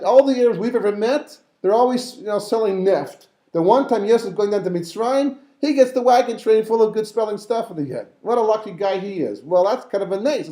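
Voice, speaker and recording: Rabbi guy teaching a torah class, mellow voice, acts out the story, echoey room. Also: high voice. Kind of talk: lively Torah class lecture.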